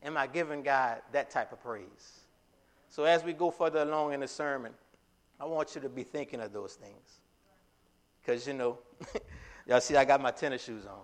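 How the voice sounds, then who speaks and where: A man preaching a sermon in a casual, conversational way, full of fillers and restarts, breaking into loud emphatic lines. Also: mid-range voice, moderate pace, long pauses.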